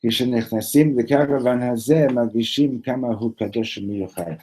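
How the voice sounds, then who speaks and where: A man teaching a Torah class at a yeshiva. He talks haltingly, repeats words, slips in Hebrew phrases and keeps asking his students "right?". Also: medium pitch, mellow, husky, rough recording. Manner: mixes Hebrew phrases into English.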